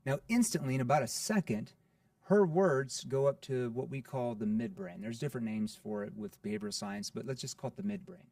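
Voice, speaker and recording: A man guest on a podcast interview, explaining sales in an energetic teaching way, often asking rhetorical questions like "right?". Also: mid-range voice, a little fast, dry recording, clean studio sound, distant mic.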